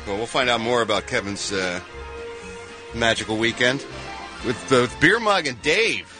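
A man's voice: mid-range voice, expressive, moderate pace, over music. A man doing the showbiz segment on a morning radio show, teasing his co-host. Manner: teasing, playful. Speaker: radio show entertainment reporter.

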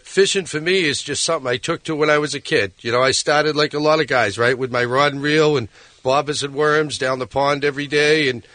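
Middle-aged New fisherman, radio guest; bright, dry studio sound, loose and rambling. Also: on the high side, fairly even intonation, fairly quick, no room sound. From Massachusetts. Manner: rambling, hesitant, many fillers. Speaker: fishing boat captain, studio guest. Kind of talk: casual radio interview.

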